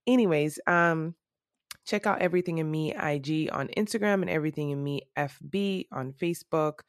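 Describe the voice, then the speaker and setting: A woman with a low, slightly rough morning voice hosts a solo podcast, speaking candidly and reflectively with frequent ums and restarts. The sound is close and dry, with no room around it. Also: normal speed, dry recording. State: voice a bit rough from early morning. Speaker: podcast host. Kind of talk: casual solo podcast monologue.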